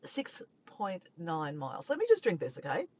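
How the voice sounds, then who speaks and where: A woman's voice: lowish voice, wildly swooping pitch, moderate pace, a little mellow, highs cut off, slight background noise. A woman with an Australian accent, chatting casually to a live stream from her parked car, rambling and tripping over her words. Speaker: vlogger.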